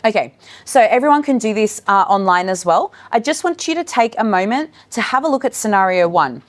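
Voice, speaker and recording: A woman's voice: medium pitch, lively intonation, fairly quick. A woman presenting a live training workshop for educators, speaking in an encouraging way to people in the room and online. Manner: warm, encouraging, addresses room and online audience. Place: meeting room with in-person and online attendees.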